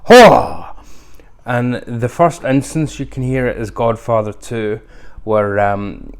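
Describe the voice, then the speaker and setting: A man's voice: medium pitch, measured pace, darkish tone. A man hosting a casual unboxing review, chatty and rambling with lots of fillers. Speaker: video host.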